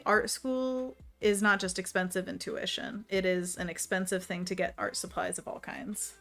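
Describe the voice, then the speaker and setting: Female stream host, mid-pitched, casual and chatty, talks to herself as she paints. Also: vocal fry, fairly bright tone. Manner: chatty, reads chat aloud, laughs often; talks to herself while working. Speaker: livestream host painting envelopes. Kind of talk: casual livestream chat while painting.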